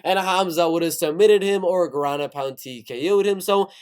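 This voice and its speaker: A man hosting a casual fight-sports news video, excitable, often asking his viewers questions directly. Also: high-pitched, moderate pace, clear, resonant tone. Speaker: MMA news YouTuber.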